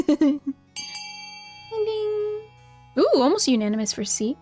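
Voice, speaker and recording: Giggly high-voiced woman streamer. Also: very animated, takes it slowly, long pauses, dark tone, faint music behind. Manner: giggly, playful, reads game text aloud. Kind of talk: casual game stream commentary.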